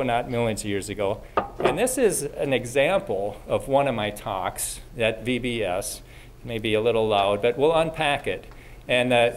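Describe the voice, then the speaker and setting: A man's voice: medium pitch, a little hiss or hum. A man giving a casual talk to a live audience as a Christian speaker. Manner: casual, conversational, frequent restarts.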